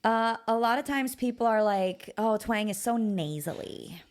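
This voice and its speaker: Animated woman vocal coach, chatty. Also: on the high side, measured pace. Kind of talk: casual podcast chat.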